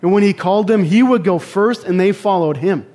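A man's voice: sits high, brisk, warm tone. A young man preaching a casual sermon, talking conversationally with asides and personal stories. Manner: conversational, storytelling with asides and restarts.

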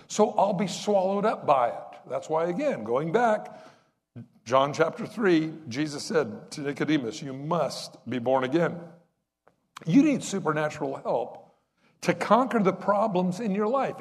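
A man's voice: high-pitched, long reverb tail. A man preaching a sermon in a conversational way, asking the congregation rhetorical questions. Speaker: pastor.

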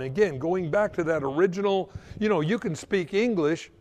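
A male pastor delivers a sermon, weaving in a story and stumbling over repeated words as he builds to emphatic points. His voice sits high for a man, and the long reverb of a church hall trails each phrase. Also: brisk, hardly any pauses, a little mellow. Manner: stammering restarts, storytelling, rising emphasis.

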